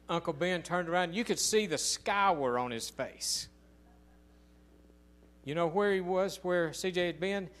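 Slow, folksy older preacher. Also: male voice, high-pitched, fairly bright tone. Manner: folksy storytelling with emphatic, drawn-out phrases. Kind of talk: sermon.

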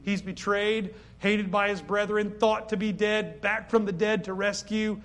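High-voiced preacher asking questions. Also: male voice, flat delivery, unhurried. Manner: rhetorical questions to the congregation, bursts into loud pleading. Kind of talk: sermon.

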